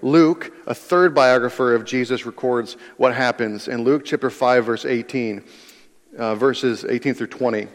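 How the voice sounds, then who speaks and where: A man's voice: medium pitch, a little slow. Earnest preacher man in a reverberant hall. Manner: earnest, repeats key phrases for emphasis. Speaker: pastor. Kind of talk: sermon.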